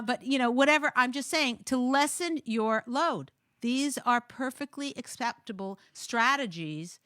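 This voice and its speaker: A woman's voice: fairly high pitch, a bit bright, no room sound, studio quality. A woman hosting a talk show, giving marriage advice in a jokey, thinking-aloud way with many restarts.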